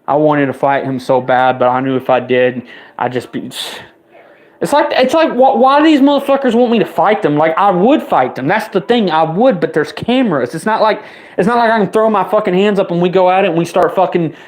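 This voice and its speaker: A man in his twenties delivering an angry, profane rant, his voice jumping higher whenever he gets riled up. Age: 20s. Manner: heated, rapid-fire swearing, voice spiking up when riled.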